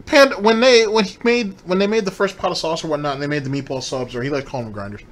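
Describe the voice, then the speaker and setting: A man's voice: on the high side, quick pace. A man hosting a commentary show, ranting profanely and incredulously about a streamer's clips. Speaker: commentary host.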